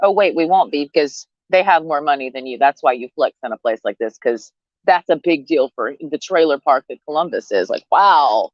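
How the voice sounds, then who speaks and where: Low-voiced woman ranting outdoors, sarcastic and blunt, cussing, dull dry sound. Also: fairly quick, no echo. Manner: blunt, sarcastic, profane, laughing often. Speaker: vlogger. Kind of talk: casual rant to camera. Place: outdoors, sitting under a tree.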